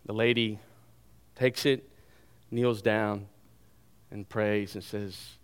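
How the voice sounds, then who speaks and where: A pastor preaching a sermon to his congregation, retelling the story in an animated way and mixing in humor and asides. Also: fairly low pitch, takes it slowly, pauses often, clear, resonant tone.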